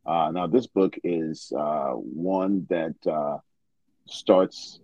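A man hosting a podcast, recommending a book in a halting way with many pauses. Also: very deep voice, mellow, no echo, dull audio. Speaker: podcast host.

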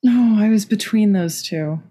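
Young woman rambling through a book club chat, says like constantly, medium pitch. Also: measured pace, mellow. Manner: rambling, full of "like" fillers and restarts. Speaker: podcast co-host.

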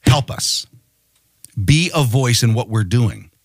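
A man's voice: medium pitch, lively intonation, slow pace, no room sound, clean studio sound. A man hosting a podcast, delivering a rousing monologue full of rhetorical questions. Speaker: podcast host.

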